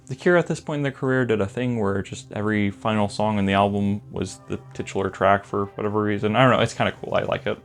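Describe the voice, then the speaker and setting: A man's voice: mid-range voice, a little mellow. A young man rambling enthusiastically through a casual album review, full of filler words. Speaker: music reviewer.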